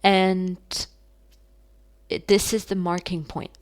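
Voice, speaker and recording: A woman giving a channeled tarot reading in a soft, emotional way, often stopping and restarting as she talks to her listeners. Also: on the low side, little pitch movement. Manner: soft, emotional, addresses listeners as beautiful souls; halting, many fillers and restarts. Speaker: psychic reader.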